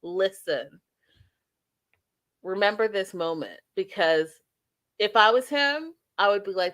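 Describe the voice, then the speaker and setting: A woman's voice: mid-range voice, takes it slowly, long pauses. Opinionated woman recapping reality TV. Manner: animated, opinionated storytelling with quoted asides; addresses viewers directly as y'all and you guys. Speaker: host. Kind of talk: recap and review live stream.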